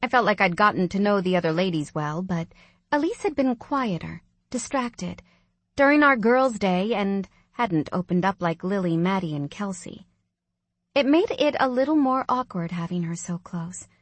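A woman narrating a first-person audiobook in a soft, reflective way. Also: medium pitch, expressive, normal speed, no echo.

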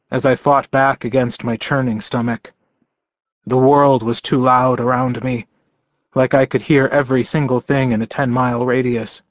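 A man narrating an audiobook in first person, with a slow, rhythmic, repetitive delivery. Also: mid-range voice, no echo, dull audio.

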